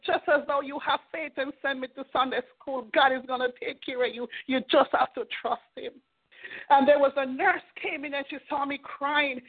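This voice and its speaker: A middle-aged woman minister giving an earnest, fervent testimony and exhortation on a prayer call. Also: high-pitched. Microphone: telephone. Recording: tinny phone line.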